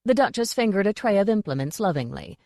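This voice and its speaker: A woman narrating an audiobook in a measured, dry storytelling manner. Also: medium pitch, big pitch swings, warm tone, no room sound.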